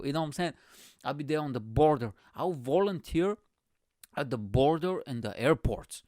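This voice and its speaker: A man's voice: mid-range voice, lively intonation, moderate pace, a little mellow, dry recording, studio quality. A man from Bulgaria hosting a podcast, delivering a rambling, profane comedic monologue with lots of energy. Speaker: podcast host.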